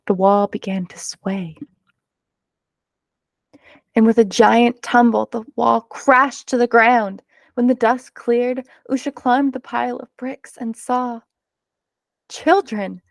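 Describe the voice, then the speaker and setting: A woman reading a children's picture book aloud, narrating in an expressive, measured way. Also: fairly high pitch, vocal fry, no echo. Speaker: storyteller.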